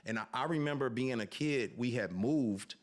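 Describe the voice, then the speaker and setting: A man in a mid-pitched voice tells personal stories on a podcast. He speaks earnestly and reflectively and grows animated as he retells scenes. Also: normal speed. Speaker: podcast guest. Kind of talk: reflective storytelling.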